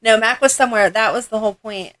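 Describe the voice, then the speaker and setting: A middle-aged woman co-hosting a fan podcast, recounting scenes in steady, matter-of-fact casual chat. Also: fairly high pitch, fast talker. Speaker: podcast co-host.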